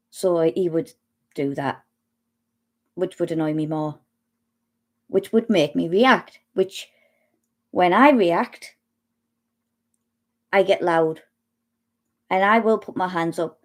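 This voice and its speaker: A middle-aged woman speaking slowly and haltingly about her own experience, pausing often and restarting her sentences. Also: fairly low pitch. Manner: slow, halting, with long pauses and restarts. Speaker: speaker sharing personal experience. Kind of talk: personal testimony talk.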